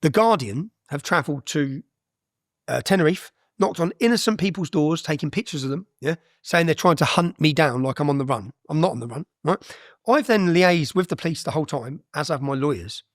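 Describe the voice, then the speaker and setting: Animated man telling his story. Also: a little high, fairly quick, dry recording, studio quality. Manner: animated storyteller, tags sentences with "yeah?"; blunt, swears freely. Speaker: interview guest. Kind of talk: podcast interview storytelling.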